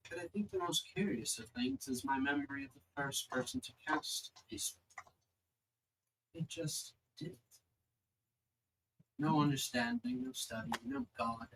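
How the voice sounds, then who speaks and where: A game master voicing an ancient female celestial being who speaks slowly and solemnly. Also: medium pitch, lively intonation, creaky, a bit bright, slight background noise, poor audio. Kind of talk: voicing a character in a tabletop game.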